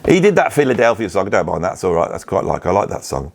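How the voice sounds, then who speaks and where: A man's voice: low-pitched, very animated, quick pace, creaky, few pauses. A British man hosting a comic monologue, ranting about musicians in a sarcastic, opinionated, grumbling way. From Britain. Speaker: musician and video host.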